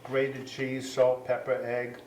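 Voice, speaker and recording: A man's voice: medium pitch, completely flat delivery, slow pace, darkish tone, roomy sound, a little hiss or hum. A man hosting a casual cooking demonstration, chatty and self-correcting, with apologetic asides. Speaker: cooking show host.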